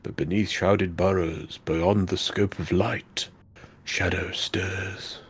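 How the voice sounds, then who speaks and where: A man reading a game's narration aloud in a formal, measured way. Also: low-pitched, fairly even intonation, slightly rough. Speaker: co-player reading game text.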